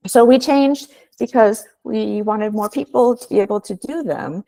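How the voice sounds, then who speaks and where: A woman's voice: on the high side, a little slow, gravelly, dark tone, dry recording. A woman researcher giving a webinar presentation, explaining in a plain way with hesitant restarts.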